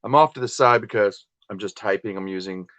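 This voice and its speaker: A man's voice: on the low side, fairly quick, fairly bright tone, dry recording. A man hosting a casual livestream while listing items for sale, rambling and self-deprecating as he chats with viewers. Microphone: desktop computer and phone.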